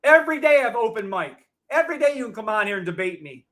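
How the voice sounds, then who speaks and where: A man hosting a live trading show, ranting in a loud, profane, combative way to his viewers. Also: sits high, very animated, quick pace. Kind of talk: heated livestream rant.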